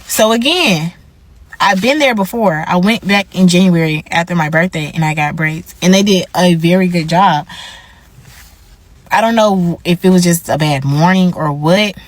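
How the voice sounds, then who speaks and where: A woman's voice: on the low side, normal speed, dry recording. A young woman telling a storytime rant, acting out what people said. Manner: animated, acts out dialogue. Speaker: vlogger.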